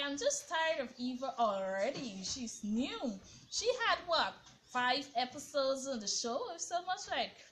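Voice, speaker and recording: A woman's voice: on the high side, fairly bright tone, slight background noise. A woman giving casual, sassy, emphatic commentary in a TV review vlog. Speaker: reality TV reviewer.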